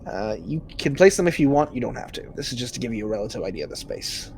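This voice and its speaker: A man narrating a tabletop game as game master, relaxed and filler-laden. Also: mid-range voice, fast talker, slight background noise.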